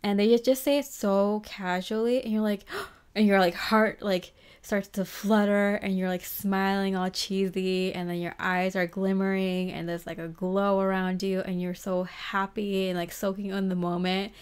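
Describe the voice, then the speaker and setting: A woman reads tarot cards for her viewers in a loose, chatty way, often giggling and saying "like". Her voice is smooth and clear, pitched in the middle for a woman. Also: little pitch movement, normal speed. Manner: chatty and giggly, heavy use of "like". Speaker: tarot reader. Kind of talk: casual pick-a-card tarot reading.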